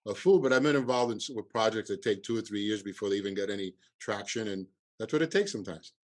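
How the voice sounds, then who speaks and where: Halting man with a Cuban accent. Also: fairly low pitch. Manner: halting, repeats words, many fillers. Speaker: comedy festival producer. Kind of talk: casual podcast interview.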